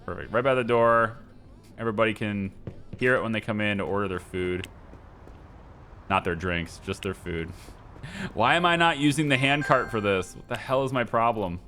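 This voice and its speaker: Low, lively indecisive gaming commentator. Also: male voice, normal speed, pauses often, faint music behind. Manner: rambling, indecisive, self-mocking. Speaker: gameplay streamer. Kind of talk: casual gameplay commentary.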